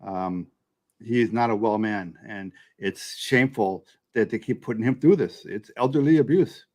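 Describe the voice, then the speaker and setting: A man's voice: lowish voice, normal speed, a little mellow. A man co-hosting a casual political chat, speaking indignantly and emphatically.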